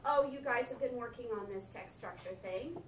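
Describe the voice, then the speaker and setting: A woman teacher explaining a writing lesson to a class in an animated way. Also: fairly high pitch, normal speed, a little hiss or hum. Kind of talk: classroom instruction. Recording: echoey classroom from far off.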